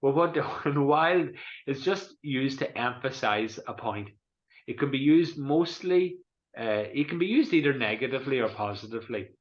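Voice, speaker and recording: A man's voice: medium pitch, expressive, normal speed. Chatty Donegal Irishman, roomy dull call audio. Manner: rambling, chatty, frequent restarts. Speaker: guest presenter. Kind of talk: online cultural presentation.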